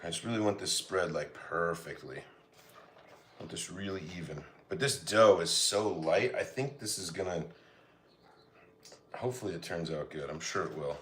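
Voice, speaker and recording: A livestream cooking host from Colorado, United States, chats easily with his viewers while he cooks, reading their comments aloud and answering them. His voice is low, fairly bright and lively at a normal speed, with a little hiss or hum in the background.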